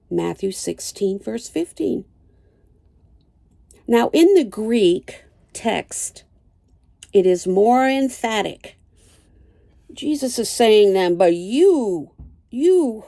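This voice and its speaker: An older woman teaching a Bible lesson, reading slowly and deliberately and citing chapter and verse. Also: on the high side, creaky, mellow, no room sound.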